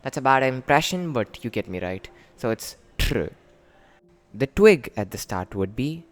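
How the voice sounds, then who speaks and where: A man casually and playfully explaining his invented language, joking and jumping up in pitch for emphasis. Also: measured pace, soft background music. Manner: jokey, animated, with sudden lifts in pitch.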